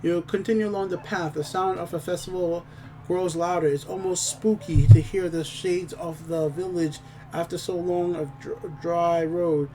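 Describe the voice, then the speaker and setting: A man's voice: on the high side, steady tone, normal speed, mellow, far from the mic, slight background noise. A man hosting a game playthrough who reads the story text aloud, often stumbling and rereading phrases. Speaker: let's play host.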